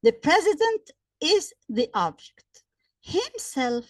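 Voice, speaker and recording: A woman gives a grammar lesson with a fairly high voice. She works through example sentences slowly and repeats each point, and her voice sounds dry and close, with little room around it. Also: big pitch swings, no echo. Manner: slow, repetitive explaining with examples. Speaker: English grammar teacher.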